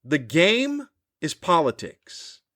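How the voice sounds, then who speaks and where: A man's voice: fairly high pitch, wildly swooping pitch, slow, sharp tone. Man, comedian, podcast host, cranky, profane, exasperated, mocking, ranting monologue. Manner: mocking repetition of questions.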